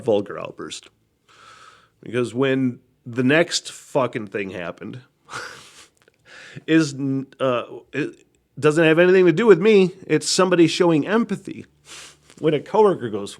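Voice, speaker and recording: A man hosting a solo podcast, telling stories in a rambling, heavily profane way, laughing often and swinging from loud outbursts to quiet mutters. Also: medium pitch. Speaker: podcast host. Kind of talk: casual solo podcast monologue.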